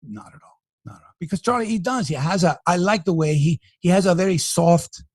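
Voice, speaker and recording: A middle-aged man hosts a sports podcast and rants in a lively, profane, opinionated way. His voice is husky and sits fairly high. The sound is dry and close. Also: fairly quick, no echo. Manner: animated, profane ranting. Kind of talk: casual sports talk.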